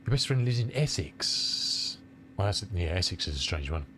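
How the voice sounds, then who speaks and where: Chatty, lively-voiced English streamer with a cold. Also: male voice, sits low, normal speed, slight background noise. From England. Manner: rambling, chatty, answers chat aloud. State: has a cold. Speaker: flight sim streamer. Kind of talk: casual live-stream chat with viewers.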